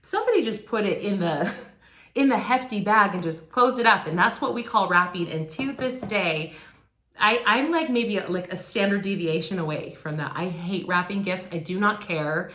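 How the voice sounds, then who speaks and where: Brief: woman in her forties, mid-pitched, chatty church speaker full of ums and restarts, recorded in a roomy, echoing hall. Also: moderate pace, sharp tone. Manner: conversational, many fillers and restarts. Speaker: guest speaker. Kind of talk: personal storytelling sermon.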